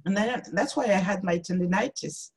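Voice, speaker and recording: A woman's voice: medium pitch, fairly quick, a little mellow, slightly rough, low-quality recording. A woman artist speaking as a guest on a video-call interview, thoughtful and searching for her words. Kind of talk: reflective interview talk.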